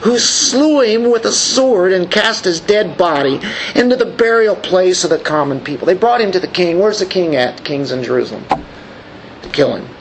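High-voiced man preaching a sermon. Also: lively intonation, moderate pace, a little hiss or hum, low-quality recording. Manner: reads scripture aloud, then asks the congregation questions. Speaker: pastor.

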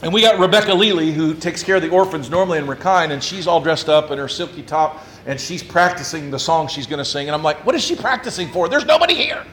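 A man who is a pastor telling a story in a lively, humorous way and acting out his own quotes. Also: fairly high pitch, fast, few pauses, slight background noise. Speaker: Presbyterian pastor. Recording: echoey room with faint ambience.

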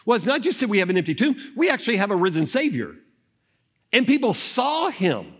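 A man preaching an Easter sermon, acting out the scenes of the story as he tells it, at times dropping soft and low. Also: very animated, fairly quick, slightly rough. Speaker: pastor.

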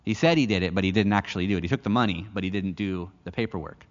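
In an echoey hall, captured with dull lo-fi sound, a man from the United States preaches a sermon in a deep voice at a very fast pace. He earnestly tells a personal story and often restarts his phrases.

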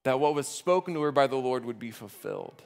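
A man voicing a joyful older woman relative who loudly exclaims a blessing. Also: mid-range voice, lively intonation, fairly quick, vocal fry, pitched below the performer's own voice. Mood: exultant. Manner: loud and exclaiming. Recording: echoey hall reverb.

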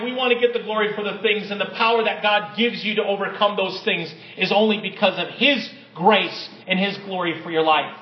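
A man's voice: high-pitched, steady tone, brisk, few pauses, reverberant, highs cut off, slight background noise. A man preaching a sermon with energy, reading stories aloud and building to emphatic peaks. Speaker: pastor.

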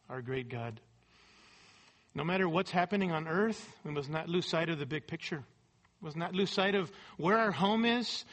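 A man's voice: high voice, sharp tone. A man preaching a sermon, explaining scripture verse by verse and repeating phrases for emphasis. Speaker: pastor.

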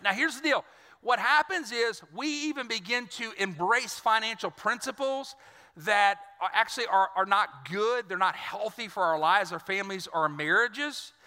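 Man, pastor, earnest sermon, chatty, very bright tone, long church-hall reverb. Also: sits high, lively intonation, moderate pace. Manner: earnest, conversational preaching with repeated words.

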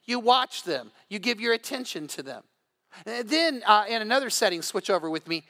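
An older man preaching an evening sermon as pastor, telling animated stories and often restarting his sentences. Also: high-pitched, moderate pace. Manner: animated storytelling with repeated restarts.

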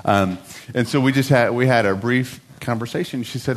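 A man's voice: medium pitch, brisk. A middle-aged man giving a church talk with a conversational, self-mocking story.

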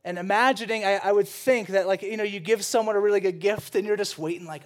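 Animated, joking young pastor with a high voice. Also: male voice, fast. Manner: animated, joking, laughs often. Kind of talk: sermon.

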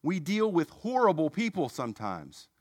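Male preacher, young adult, conversational sermon with self-mocking asides, slightly high voice, dry recording. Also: wildly swooping pitch, moderate pace, darkish tone, no room sound. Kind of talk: sermon storytelling.

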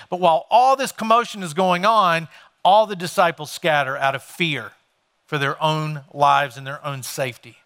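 A man's voice: high-pitched, bright, forceful tone. A male pastor preaching a sermon, retelling a scripture story in conversational everyday words.

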